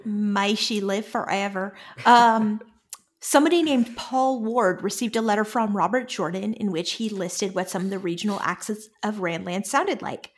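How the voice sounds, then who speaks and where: A woman's voice: medium pitch, moderate pace. Dry, teasing woman co-host. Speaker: podcast co-host. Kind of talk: casual chat.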